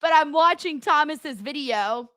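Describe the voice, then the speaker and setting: Bright, high-voiced woman streamer chatting. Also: lively intonation, measured pace, no echo, studio quality. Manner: chatty, blunt, full of fillers and asides to chat. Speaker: livestream host. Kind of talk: casual live watchalong commentary.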